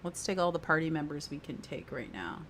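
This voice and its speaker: Lower-pitched woman chatting through gameplay. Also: expressive, brisk, fairly bright tone, a little hiss or hum, poor audio. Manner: chatty, thinking aloud with fillers. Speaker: gameplay streamer. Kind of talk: casual let's-play commentary.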